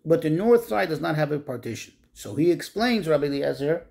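A man giving a Torah class on the weekly portion, asking rhetorical questions and slowing down to stress Hebrew terms. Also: fairly high pitch, lively intonation, vocal fry, a little mellow. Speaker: Torah teacher.

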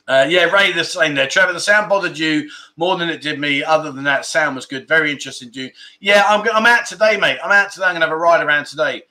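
A man's voice: a little high, quick pace, bright, forceful tone. A man hosting a casual livestream, chatting and reading viewer comments, laughing often and tripping over his words. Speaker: livestream host.

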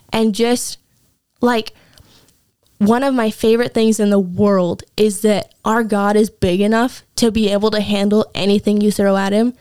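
A woman's voice: medium pitch, darkish tone, smooth, no room sound, studio quality. A young woman, a Bible school student, giving an earnest, emotional personal testimony as an interview guest, often saying "like". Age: young adult. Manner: earnest, emotional, frequent "like" fillers.

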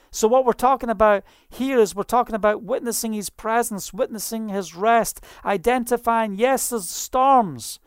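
A preacher delivers a quick, fervent sermon and keeps breaking into hallelujahs. The voice is smooth and resonant, and the recording is close and dry, with no room echo. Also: medium pitch.

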